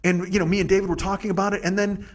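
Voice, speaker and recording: A man's voice: high-pitched, little pitch movement, rapid-fire. A man in his fifties hosting a podcast, ranting in a profane, self-deprecating comic monologue. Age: 50s. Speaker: podcast host. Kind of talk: casual comedic monologue.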